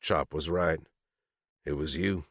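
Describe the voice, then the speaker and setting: A man's voice: extremely low pitch, steady tone, takes it slowly, a bit bright, no echo, studio quality, exaggerated voice. A man voicing an angry young biker son who confronts his mother in harsh, cursing outbursts. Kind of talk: audiobook character reading.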